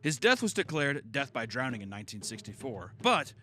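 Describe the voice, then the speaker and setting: A man's voice: mid-range voice, big pitch swings, fairly quick, bright, forceful tone, faint music behind. A man hosting a comedy podcast, telling a grim story with sarcastic, jokey asides. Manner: sarcastic, jokey asides and silly put-on voices.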